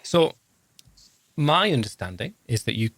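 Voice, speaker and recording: A man's voice: medium pitch, very animated, unhurried, creaky, fairly bright tone, no echo. A man, hosting a podcast in a casual, rambling, self-deprecating, jokey way. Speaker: podcast host. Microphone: podcast microphone.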